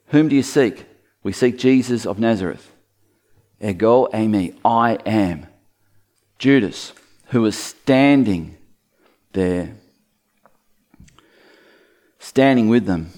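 A man preaching a Bible sermon in a conversational way, acting out quoted lines. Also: on the low side. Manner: lively, conversational, acts out quotes.

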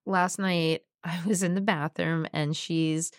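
A woman in her thirties co-hosts a parenting podcast in an easygoing, chatty way, often agreeing. Her voice sits a little low in pitch. The sound is dry and close. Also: fairly even intonation, takes it slowly, no room sound. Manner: chatty, agreeable, lots of yeahs. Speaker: podcast co-host. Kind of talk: casual chat.

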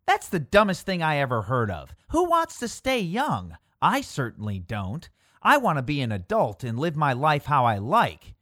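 A performer voicing a bossy ten-year-old girl who is impatient to be a grown-up, with a shrill, scornful manner. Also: wildly swooping pitch, moderate pace, a bit bright, dry recording, clean studio sound.

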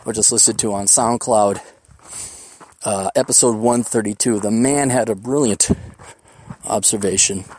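A rowdy podcast host rambles outdoors on a hiking trail, swearing freely and cracking jokes as he goes. His voice sits at an ordinary middle pitch for a man, loose and unscripted. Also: darkish tone, a little hiss or hum. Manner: profane, boisterous, jokey. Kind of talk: casual rambling monologue.

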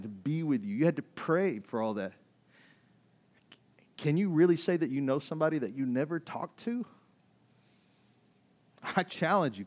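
A middle-aged male pastor preaching a conversational, animated sermon that builds in intensity. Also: mid-range voice.

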